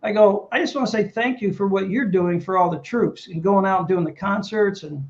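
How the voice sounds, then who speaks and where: A man's voice: sits high, fairly quick, highs cut off. A middle-aged Navy veteran man telling a story casually in an interview, quoting other people as he goes. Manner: animated anecdote teller, quotes others.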